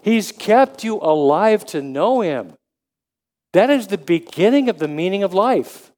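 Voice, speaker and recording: High-voiced man in his seventies preaching. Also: animated, darkish tone. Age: 70s. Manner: halting, with frequent restarts, rising to emphatic questions. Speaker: lay preacher. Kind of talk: sermon.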